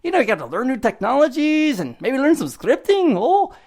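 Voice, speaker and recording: A man in his fifties voicing a comic Scottish male starship engineer in an exaggerated, high, whiny voice with a put-on Scottish accent. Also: wildly swooping pitch, fairly quick, darkish tone, full character voice. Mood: mock-worried. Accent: Scottish impression. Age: 50s.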